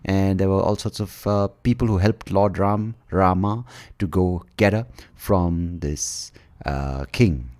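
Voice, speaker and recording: A man's voice: deep voice, slow pace, a little mellow. A man from India hosting a podcast, riffing through an irreverent, rambling comic monologue. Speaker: podcast host. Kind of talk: comedic monologue.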